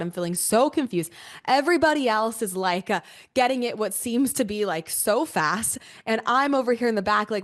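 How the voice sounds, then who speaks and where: Expressive young woman telling a story. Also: mid-range voice. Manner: expressive, swears freely, laughs often. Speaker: podcast host. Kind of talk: casual storytelling to listeners.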